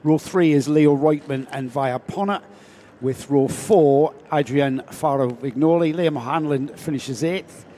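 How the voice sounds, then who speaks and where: A man co-commentating a live kart race, talking steadily as he reads out the grid. His voice is mellow and warm and sits a little above the usual male pitch. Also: a little slow, a little hiss or hum. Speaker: karting co-commentator.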